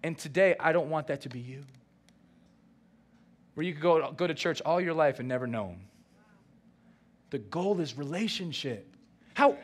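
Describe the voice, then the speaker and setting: A man, the senior pastor, preaching a sermon and acting out lively dialogue. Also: high voice. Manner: animated preaching with acted-out dialogue.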